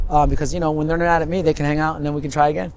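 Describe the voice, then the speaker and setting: A man in his fifties speaks a little higher than most men, wandering from one memory to the next with lively, laughing storytelling. He is recorded outdoors, with faint street noise under his voice. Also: very fast. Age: 50s. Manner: rambling, animated storytelling, laughs often. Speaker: interviewee. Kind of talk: street interview.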